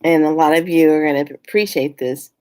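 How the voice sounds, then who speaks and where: Outspoken woman vlogger with a lowish voice, chatting straight to camera. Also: fairly quick, slight background noise. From California. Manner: animated, outspoken, jumps up in pitch when worked up. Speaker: spiritual vlogger. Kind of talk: casual chat to camera.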